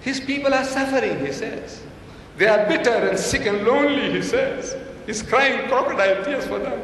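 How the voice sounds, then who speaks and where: A man's voice: very high voice, lively intonation, normal speed, a bit bright, recorded from a distance, slight background noise. An older man giving an emphatic public debate speech, quoting and mocking his opponent. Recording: echoey hall recorded from afar.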